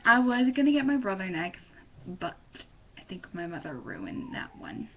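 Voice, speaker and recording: This teenage vlogger has a sing-song, mid-range voice and a measured pace. She rambles casually and giggles, her thoughts scattered and distracted, while the muffled built-in webcam mic yields dull lo-fi sound with faint noise.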